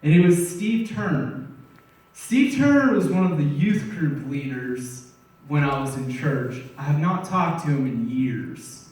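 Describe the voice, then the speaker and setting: Young man, church testimony, higher voice, storytelling, excitable, heard from a distance in a very echoey sanctuary. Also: a little slow. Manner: storytelling, acting out conversations in quotes; earnest, excitable, laughing often. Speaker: church member giving testimony. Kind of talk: personal testimony in a church service.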